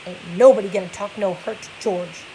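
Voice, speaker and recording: A woman's voice: mid-range voice, fairly even intonation, fairly quick, dark tone, a little hiss or hum, close to an everyday voice, low-quality recording. A woman reading the lines of a big, simple-minded, childlike man in a raised, anxious voice. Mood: threatening.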